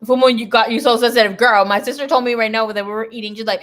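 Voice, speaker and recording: A young woman giving a casual live tarot reading, rambling through personal asides with plenty of swearing and sudden swings between loud bursts and quiet mumbling. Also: a little high, fast talker, hardly any pauses. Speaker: tarot reader.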